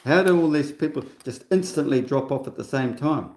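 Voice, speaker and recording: A man's voice: fairly high pitch, a little fast, a little mellow, roomy sound. A man in his sixties hosting a livestream in a rambling, casual monologue, scornful and full of chatty asides. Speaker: livestream host.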